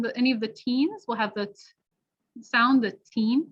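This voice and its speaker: Slow careful lady teacher, kinda high voice, drilling pronunciation, muffled lo-fi audio. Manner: slow, deliberate, models sounds carefully. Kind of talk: online pronunciation workshop. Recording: dull lo-fi audio.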